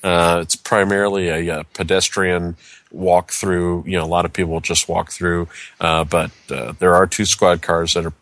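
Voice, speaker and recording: A man narrating as game master, describing scenes in a halting way. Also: low voice, little pitch movement, fairly bright tone, no echo. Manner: halting, descriptive, searches for words.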